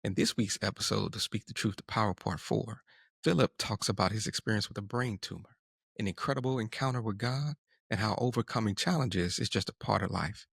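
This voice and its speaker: A man's voice: on the low side, fairly quick, vocal fry, a bit bright, slightly rough, no echo, clean studio sound. A man hosting a podcast, reading a scripted show introduction. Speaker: podcast host.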